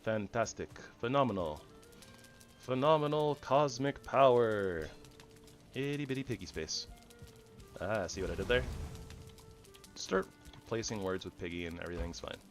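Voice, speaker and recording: A man with a fairly low voice gives casual commentary while he plays, goofy and rambling. He swings from loud excited bursts to soft mumbling asides, with faint music playing behind him. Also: normal speed, long pauses. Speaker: gaming channel host.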